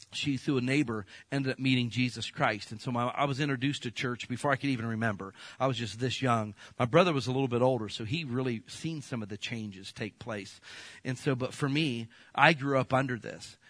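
A middle-aged man preaching with a bright, forceful voice, telling a family story with lively acted-out quotes. The sound is close and dry, with no room around it. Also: mid-range voice, no room sound. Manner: animated storyteller acting out quotes, rising to loud bursts. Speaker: pastor. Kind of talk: storytelling sermon.

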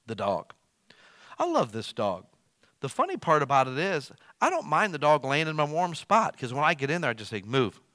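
Middle-aged male pastor, folksy sermon delivery, bright voice, dry close sound. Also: sing-song, normal speed, no echo. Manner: folksy, conversational preaching with wide swings in pitch and loudness.

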